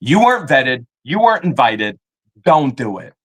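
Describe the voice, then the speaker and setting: A man's voice: medium pitch, sing-song, moderate pace, a bit bright. A man co-hosting a live stream, indignantly scolding people in his chat. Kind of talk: heated live-stream rant.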